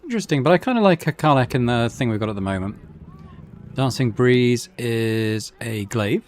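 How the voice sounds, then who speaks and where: A man's voice: medium pitch, lively intonation, moderate pace. A man casually commenting on his video game play, musing aloud and reading item descriptions. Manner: laid-back, musing, reads item text aloud. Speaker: gaming channel host. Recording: game audio with faint music.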